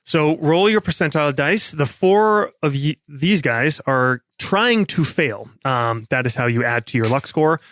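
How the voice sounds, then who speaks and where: A man's voice: fairly high pitch, expressive, a little slow, hardly any pauses, a bit bright. A man hosting and running a tabletop game as game master, chatting casually and rambling a bit. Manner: rambling, joking. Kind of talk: casual chat.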